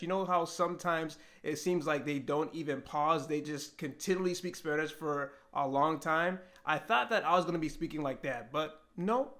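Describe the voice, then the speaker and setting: A young man talking earnestly and reflectively to camera in a personal vlog, with pauses and restarts. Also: on the high side, a bit bright. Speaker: language-learning vlogger.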